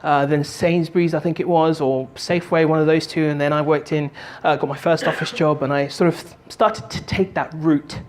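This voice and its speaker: A man giving a motivational talk, telling a story in an animated, jokey way and doing voices. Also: a little high, moderate pace, hardly any pauses, slight background noise. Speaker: motivational speaker and stand-up comic.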